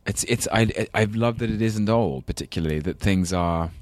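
A man's voice: lowish voice, normal speed. A man with a London English accent, a guest actor chatting in a rambling, self-deprecating way. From England. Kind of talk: casual chat.

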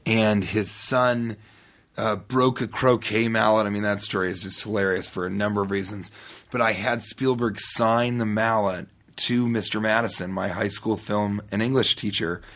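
A man's voice: on the low side, fairly even intonation, normal speed, fairly bright tone. A man who is a guest on a talk show, telling a casual, rambling story with frequent restarts and asides.

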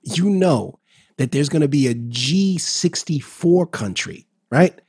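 A man's voice: fairly high pitch, lively intonation, takes it slowly, darkish tone, slightly rough, no echo, studio quality. A man co-hosting a tech podcast, chiming in with joking quips and asides. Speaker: podcast co-host. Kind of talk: casual tech news chat.

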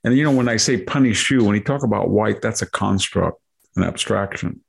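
A man's voice: fairly low pitch, a little fast. An older man hosting a political talk show, delivering sardonic commentary full of mocking rhetorical questions. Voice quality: gravelly, husky. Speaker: podcast host.

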